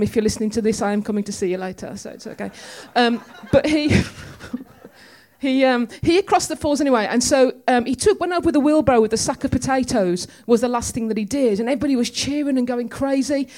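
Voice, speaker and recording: A woman's voice: on the high side, fairly quick, a little mellow. A woman giving a conversational, storytelling sermon in a church. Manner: chatty, storytelling, with humor. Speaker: preacher.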